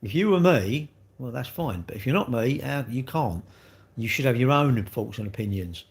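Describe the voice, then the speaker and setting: A man's voice: mid-range voice, expressive, normal speed, gravelly, breathy edge. An English man chatting on a live stream, rambling and blunt as he answers viewers in a slangy way.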